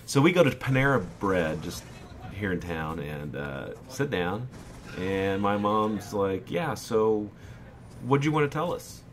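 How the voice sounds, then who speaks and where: A man in his twenties casually telling a personal story over gameplay, candid and animated, often quoting what people said. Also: deep voice, moderate pace. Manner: candid, animated retelling with quoted dialogue. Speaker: gaming YouTuber.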